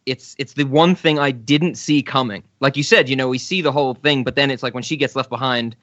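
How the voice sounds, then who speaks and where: A man's voice: mid-range voice, brisk, a bit bright, no echo, highs cut off. A man hosting a film podcast in casual chat, easygoing and chuckling often. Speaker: podcast host.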